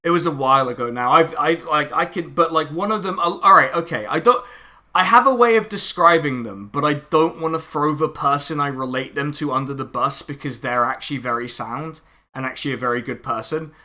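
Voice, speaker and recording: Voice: medium pitch, fairly quick, pushed and bright. A non-binary streamer, chatting casually and sarcastically over lunch, ranting with lots of filler words. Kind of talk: casual chat.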